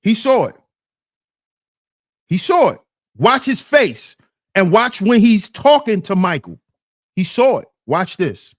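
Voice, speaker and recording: A man gives reaction commentary, repeating himself for emphasis and calling out to his chat. His pitch swings widely as he talks. The sound is dry and close. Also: big pitch swings, slow, pauses often, no room sound.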